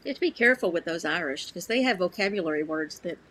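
A woman's voice: lowish voice, expressive, fast talker, a bit bright, rough recording. Lady cohost on a radio show, earnest, stumbles and repeats words, faint hiss behind. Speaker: radio co-host. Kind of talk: casual chat.

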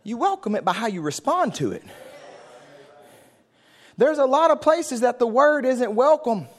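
A man preaching a sermon in a church, fervent and building to shouted call-and-response. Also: very high-pitched, big pitch swings, measured pace. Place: church sanctuary.

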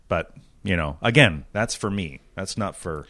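A man co-hosting a podcast in casual chat, halting with many restarts and joking around. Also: deep voice, expressive, bright, forceful tone, no room sound. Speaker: podcast co-host.

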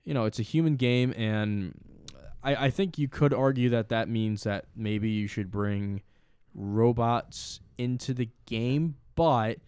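A man's voice: mid-range voice, a little slow, a little mellow, smooth, dry recording. A young man co-hosting a podcast, talking sports in a chatty way, full of "you know" and "like". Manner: chatty, many fillers and restarts. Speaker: podcast co-host. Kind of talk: casual sports chat.

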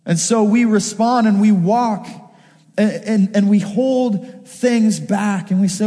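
A man in his thirties preaching with a bright, high-pitched voice. He tells a story and acts out the quotes with energy. His voice rings through a reverberant church hall. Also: takes it slowly. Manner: storytelling with lively acted-out quotes. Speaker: pastor. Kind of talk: sermon.

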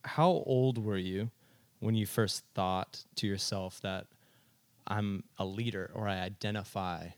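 A man's voice: fairly low pitch, fairly even intonation, measured pace, no room sound. A man hosting a podcast, chatting casually and asking questions with enthusiasm. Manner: enthusiastic, short affirming replies, asks questions. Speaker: podcast host. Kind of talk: casual interview chat.

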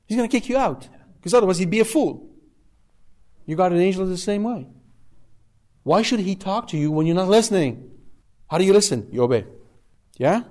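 A man's voice: high voice, animated, a little fast, pauses often, mellow. A man preaching a sermon to a live congregation in a conversational way, asking rhetorical questions and checking in with "okay?". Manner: conversational, asks rhetorical questions with tag 'okay?'.

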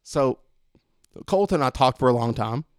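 A man telling a long story in casual chat, animated and swearing freely. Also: medium pitch, moderate pace, no room sound, studio quality. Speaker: podcast host telling a story.

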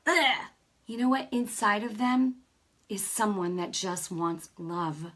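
A woman's voice: mid-range voice, a little slow, breathy edge. A woman preaching an off-the-cuff sermon to viewers, earnest and emphatic, sometimes dropping to a whisper. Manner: talks directly to viewers, many "you know" asides. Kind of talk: spontaneous sermon to a camera audience.

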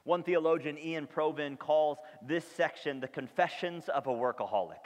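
Man, pastor, sermon, fairly high voice, emphatic, asks the congregation questions, long echoing church hall. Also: normal speed. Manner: emphatic, keeps checking in with the congregation. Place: church sanctuary. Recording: long reverb of a large hall.

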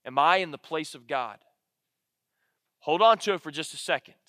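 A man preaching with a high, ringing voice. He speaks earnestly and repeats his key lines for weight. The mic is close and dry, but a long hall reverb trails behind each phrase. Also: lively intonation, moderate pace, fairly bright tone. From Alabama, United States. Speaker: pastor. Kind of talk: sermon.

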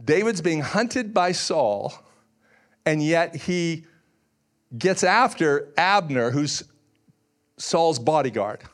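A man delivers a sermon as pastor, his voice sitting a little higher than most men's. He walks through scripture in an easygoing, conversational way, leaning on filler words. He drops in dry, humorous asides as he goes. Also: expressive, takes it slowly, long pauses.

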